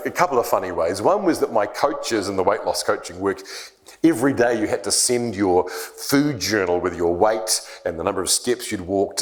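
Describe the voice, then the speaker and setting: A man giving a church leadership talk on discipleship, telling stories and acting out the voices in them. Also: medium pitch. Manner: animated storyteller acting out quoted voices.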